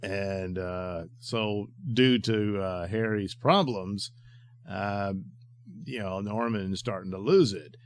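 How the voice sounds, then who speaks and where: A man's voice: fairly low pitch, slow pace, a little hiss or hum. A man giving a casual, rambling recap of a comic book as a host, with many fillers and exclamations, and he chuckles as he talks. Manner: chuckles while talking.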